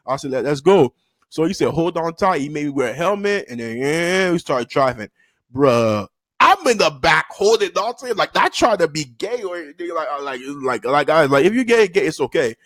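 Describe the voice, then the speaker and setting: Young man in a lively, slangy storytime. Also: moderate pace, no echo. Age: young adult. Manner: animated, acts out quotes with sudden high-pitched yelps; loose slangy talk full of fillers and restarts. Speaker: vlogger telling a story. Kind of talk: casual storytime.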